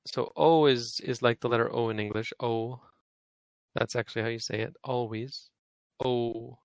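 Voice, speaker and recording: A man's voice: mid-range voice, a bit bright, no echo, low-quality recording. A man teaching an online language class, patiently saying vowel sounds aloud over and over for his students to copy. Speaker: Pali teacher. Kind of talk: online language lesson, demonstrating pronunciation.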